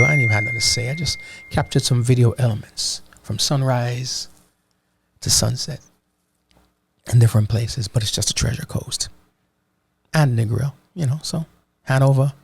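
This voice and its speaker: A man's voice: medium pitch, creaky, breathy edge. A Jamaican man from Ocho Rios chatting casually about a trip, slipping into patois and repeating "you know what I mean". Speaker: vlogger. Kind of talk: casual travel chat.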